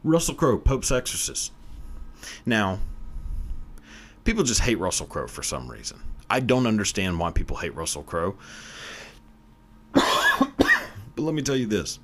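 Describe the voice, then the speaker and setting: Deep voiced podcast guy ranting and cussing, voice bouncing all over. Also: big pitch swings, unhurried, long pauses, a bit bright, slight background noise. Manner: profane, ranting, emphatic. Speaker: podcast host. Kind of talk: casual solo commentary.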